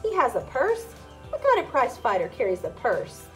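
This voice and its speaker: A woman's voice: on the high side, wildly swooping pitch, moderate pace, soft background music. A woman voicing an earnest, wry young boy who asks plain questions.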